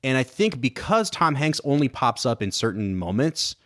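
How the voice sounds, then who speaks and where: A man's voice: medium pitch, big pitch swings, moderate pace, a bit bright. Enthusiastic man co-hosting a film podcast. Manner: enthusiastic, analytical, quotes scenes in put-on voices. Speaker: podcast co-host. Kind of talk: casual film discussion.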